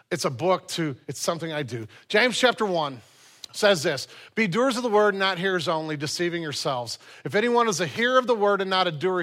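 A man's voice: high-pitched, sharp tone. A man preaching a sermon as pastor, earnest and repeating key phrases for emphasis.

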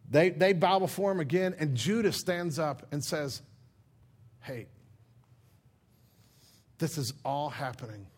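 Animated man preaching a sermon. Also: fairly high pitch, slow, long pauses, breathy edge. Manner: animated storytelling, acts out characters' lines in casual slang. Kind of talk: sermon retelling a Bible story.

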